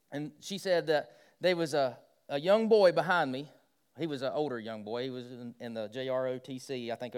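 A middle-aged man preaching a sermon, moving from quiet storytelling into loud, impassioned preaching. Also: on the high side, clean tone. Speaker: pastor.

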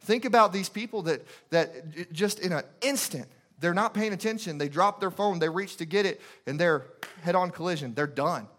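A man's voice: high voice, animated, moderate pace, hardly any pauses, a bit bright. Urgent, emphatic male preacher. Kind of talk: sermon with storytelling.

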